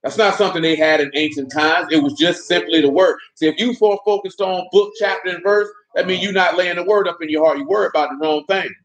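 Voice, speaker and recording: Conversational preacher, man, fairly high voice. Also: steady tone, fast talker, hardly any pauses, a bit bright, low-quality recording. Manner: conversational preaching, colloquial, asks listeners questions. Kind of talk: sermon.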